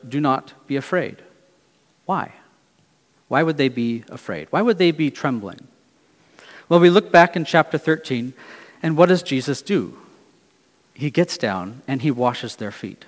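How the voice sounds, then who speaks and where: A middle-aged man preaching in a church hall, his fairly high voice carried by long reverb. He asks questions earnestly and lets some phrases fall quiet. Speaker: pastor. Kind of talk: sermon.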